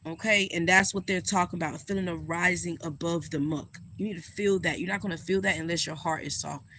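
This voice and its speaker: Woman astrologer, casual reading, sassy and animated, crisp bright voice, faint crickets behind. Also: lowish voice, fairly quick, slight background noise. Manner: sassy, animated, swears freely, talks straight to viewers. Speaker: astrologer and spiritual reader.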